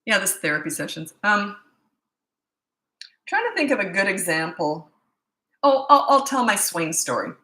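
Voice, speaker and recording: A woman's voice: medium pitch, big pitch swings, normal speed, long pauses, sharp tone, roomy sound. A woman parenting coach giving blunt, emphatic advice in a casual monologue, repeating her points for stress.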